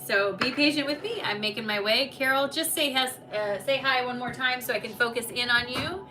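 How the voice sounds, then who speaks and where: A woman's voice: fairly high pitch, fairly quick, sharp tone. Chatty woman reading cards on a live stream. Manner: chatty, reassuring, addresses viewers by name. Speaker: intuitive oracle card reader, live stream host. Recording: distant mic with background noise.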